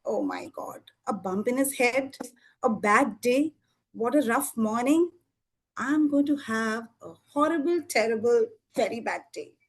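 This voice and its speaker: A woman's voice: fairly high pitch, expressive, a little slow, low-quality recording. A woman doing a sulky, dramatic schoolboy. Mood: despairing. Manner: dramatic self-pitying complaints. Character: gloomy young schoolboy having a bad day.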